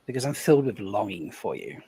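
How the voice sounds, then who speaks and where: Man reading pickup lines, giggly, very animated pitch, husky tone, video call. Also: fairly quick. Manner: giggly, breaks into laughter between lines. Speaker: podcast host.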